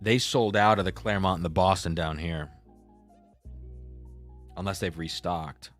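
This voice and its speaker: A man's voice: sits low, a little slow, soft background music. Chatty man hosting a live stream. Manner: chatty, reads viewer comments aloud. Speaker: livestream host. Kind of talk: casual live-stream chat.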